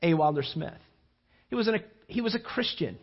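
A man preaching a sermon as a lively, rambling storyteller, full of restarts and asides. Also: fairly high pitch, a little fast, lo-fi sound.

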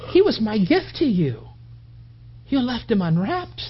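Pastor with a husky voice, preaching in animated, story-driven bursts, recorded on a dull, low-fidelity feed. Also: measured pace. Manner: frequent restarts and repetitions. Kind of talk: sermon.

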